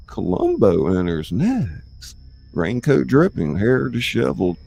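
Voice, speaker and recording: A man's voice: on the low side, big pitch swings, unhurried, gravelly, a little mellow, breathy edge, faint music behind. A man hosting and narrating a radio-play reading, chatting casually and rambling with lots of fillers. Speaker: host and narrator. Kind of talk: casual chat and script narration.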